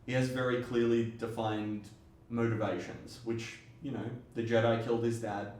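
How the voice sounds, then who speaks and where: Measured man in a reverberant room. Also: mid-range voice, little pitch movement, darkish tone, recorded from a distance. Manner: measured, hedging, mild critiques. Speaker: podcast co-host. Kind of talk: casual chat. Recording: echoey room, off-mic.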